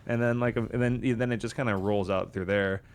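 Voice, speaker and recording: Animated man chatting about role-play. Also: fairly low pitch, a little fast, a little hiss or hum. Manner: animated, slips into character voices mid-sentence. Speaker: podcast co-host and tabletop player. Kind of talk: casual chat about role-playing.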